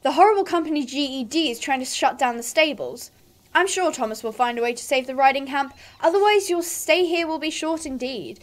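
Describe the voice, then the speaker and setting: A motherly camp auntie who welcomes new arrivals, put on by a woman reading game lines. The voice stays fairly high and light. She talks in an everyday, friendly way. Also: a little fast, close to an everyday voice. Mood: welcoming.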